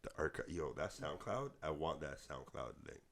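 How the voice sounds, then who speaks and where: A man's voice: extremely low pitch, animated, normal speed, vocal fry. A man hosting a podcast, teasing and trash-talking his co-host in casual chat.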